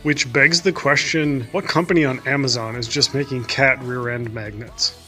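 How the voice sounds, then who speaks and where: A man's voice: medium pitch, moderate pace, sharp tone, faint music behind. A young male teacher telling funny stories from school in a casual way, with dry, self-mocking humor. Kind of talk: casual storytelling to camera.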